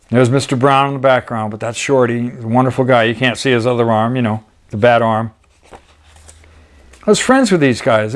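An older man, a documentary photographer, talking casually through his photographs with rambling, folksy asides. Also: medium pitch. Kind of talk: storytelling slideshow talk.

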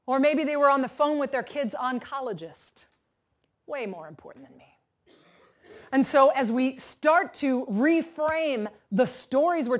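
Woman speaker doing a motivational talk, kinda high voice, acts out people in her stories. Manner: animated storytelling, acts out quoted voices. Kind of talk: keynote talk to an audience.

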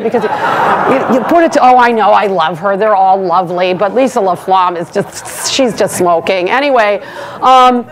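A woman doing a brash stand-up monologue as master of ceremonies, teasing the crowd and talking fast. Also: on the high side, background noise. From United States. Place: banquet hall before a live audience.

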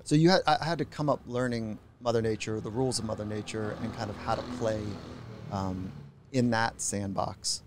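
A middle-aged man, a psychologist guest on a podcast, telling stories in a reflective, unhurried way. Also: on the low side, fairly even intonation, noisy background. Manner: reflective, unhurried, acts out quoted voices. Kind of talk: podcast interview storytelling.

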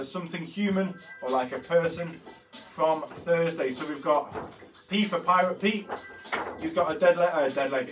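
A man's voice: on the high side, fairly bright tone. A man in his thirties hosting an art workshop, chatting loosely through his pictures with many fillers and self-corrections. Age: 30s. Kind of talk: casual walkthrough of artwork. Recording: slightly distant mic with faint music behind.

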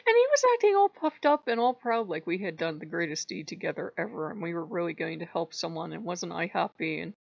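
A woman chatting to her viewers, her voice gravelly with fry as she tells an exasperated story full of laughs. The recording is dry and a little dull and lo-fi, like a home setup. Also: lowish voice, dry recording. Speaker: vlogger on a spirituality channel. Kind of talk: casual chat.

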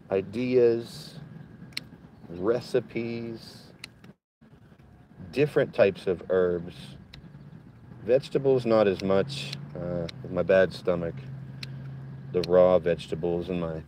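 A man's voice: low voice, mellow, a little hiss or hum, low-quality recording. A man hosting a casual gardening livestream from his backyard, chatting and swearing loosely while reading out viewer comments. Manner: chatty, swears casually, reads chat aloud.

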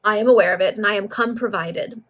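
A woman reading the part of a dignified gentleman politician from an old storybook. He speaks in proper, formal phrases. The voice is slightly breathy and sits at a middling pitch. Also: fast talker.

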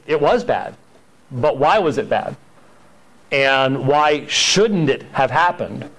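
A man's voice: mid-range voice, poor audio. Man lecturing a Sunday school class. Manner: conversational lecturing with frequent fillers and restarts; acts out quoted dialogue in storytelling. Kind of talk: church history lecture. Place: church classroom.

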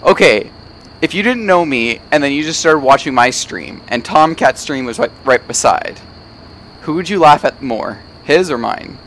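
A man ribs his friend while they play a game, keeping the chat jokey and singing little fragments of songs. His voice leans high, bright, and expressive at a moderate pace, over faint background noise.

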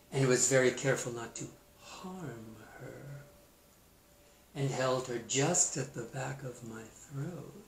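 Man voicing a sly, jealous storybook snake, slow and plotting, in a roomy room. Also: mid-range voice, creaky, fairly bright tone, a little hiss or hum. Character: scheming jealous male snake. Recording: roomy echo.

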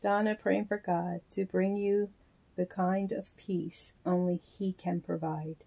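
A woman casually talking through opening a package in a chatty, halting way, counting things aloud. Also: lowish voice, little pitch movement, vocal fry, warm tone. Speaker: reborn doll vlogger. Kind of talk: casual unboxing vlog.

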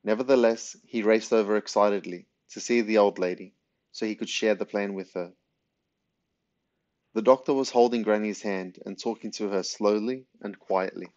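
Low-voiced man reading a storybook. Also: steady tone, normal speed, a little mellow. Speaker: narrator. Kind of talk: audiobook reading of a children's novel. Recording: dull lo-fi recording.

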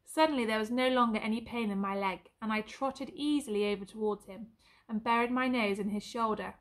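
A woman teacher reads a children's novel aloud in an expressive, varied way. Her voice sits a touch high for a woman. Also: a little fast. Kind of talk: storybook read-aloud.

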